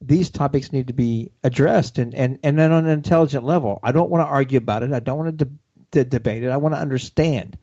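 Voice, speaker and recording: A man's voice: medium pitch, fast talker, warm tone. A man, co-hosting a casual radio chat, blunt and ranting. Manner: blunt, ranting, self-deprecating. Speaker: radio show co-host. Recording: dull lo-fi radio audio.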